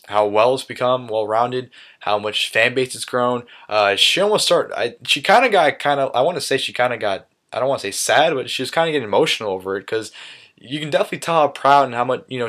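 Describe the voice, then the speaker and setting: A man of ordinary pitch talks straight to his camera in a loose, chatty vlog. He rambles, leans on fillers and repeats the same praise words again and again. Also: fairly bright tone. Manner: rambling, repeats "awesome" and "you know". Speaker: vlogger. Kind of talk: casual recap vlog.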